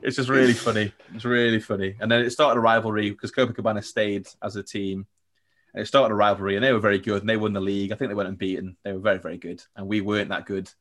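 A man's voice: fairly low pitch, little pitch movement, quick pace, fairly bright tone. A young man telling stories as a podcast guest, chatty and rambling, laughing often. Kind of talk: casual storytelling chat.

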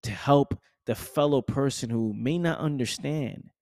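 A man's voice: mid-range voice, unhurried, a little mellow, no echo, clean studio sound. Passionate motivational podcast man. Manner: passionate, repetitive, slangy. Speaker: podcast host. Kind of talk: motivational monologue.

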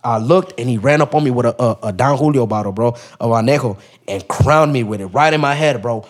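A man's voice: medium pitch, fairly quick. A young man, a podcast guest, telling a story in casual street slang, full of profanity and acted-out quotes.

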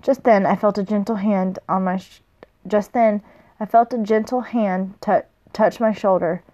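A woman's voice: medium pitch, steady tone, moderate pace, mellow, highs cut off. Woman casually reading a novel aloud. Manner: plain reading, with slips and self-corrections. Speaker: reader.

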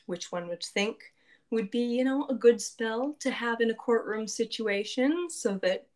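A woman casually recapping a tabletop game session, chatty and quick to laugh, acting out quotes in a lifted voice. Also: expressive. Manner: chatty, laughs often, acts out quotes in a higher voice.

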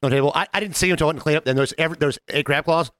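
A man co-hosting a casual podcast, telling an animated story and acting out the voices of the people in it. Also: on the high side, rapid-fire, dry recording. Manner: animated, jumps into mimicked voices of customers. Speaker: podcast co-host.

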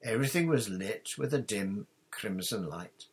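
Slow, husky-voiced male audiobook narrator. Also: fairly low pitch. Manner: measured, expressive reading.

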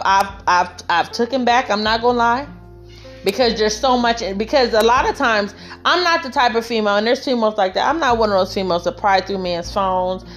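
A woman speaking to the camera in an emphatic, storytelling way, her voice pitched somewhat high. She addresses other women directly with heartfelt, plain-spoken advice. Faint music runs quietly behind her. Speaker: vlogger giving relationship advice. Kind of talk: casual heartfelt monologue.

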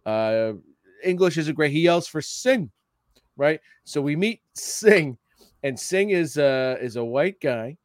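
A slow-speaking man with a slightly high, expressive voice co-hosts a podcast, casually recapping a TV episode. He laughs frequently and performs quoted lines. The sound is dry and studio-clean.

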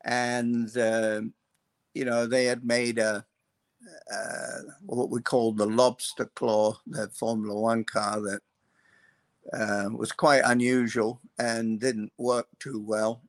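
A man's voice: mid-range voice, level tone, no room sound. Older man spinning loose stories. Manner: unhurried, loose, full of "uh" and "um". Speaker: guest, former racing mechanic. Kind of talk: anecdotal storytelling.

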